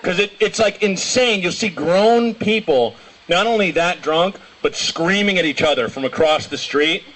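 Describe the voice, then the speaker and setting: High-voiced rambling young stand-up comic. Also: male voice, normal speed. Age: young adult. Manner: rambling, animated storytelling with shouted impressions. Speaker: stand-up comedian. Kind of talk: stand-up comedy set. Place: small comedy show venue.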